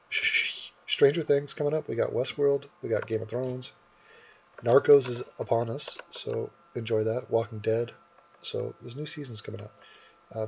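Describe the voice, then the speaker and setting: A man's voice: mid-range voice, vocal fry, highs cut off, a little hiss or hum. A man rambling and swearing in casual commentary as he edits a video, with many asides. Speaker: YouTuber. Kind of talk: casual commentary while editing. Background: keyboard typing.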